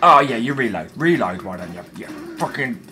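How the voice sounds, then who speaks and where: A young man commenting on a horror game he is playing, jumpy and excitable, swearing and talking to himself. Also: mid-range voice, fairly quick. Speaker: gaming video host. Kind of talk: let's play commentary.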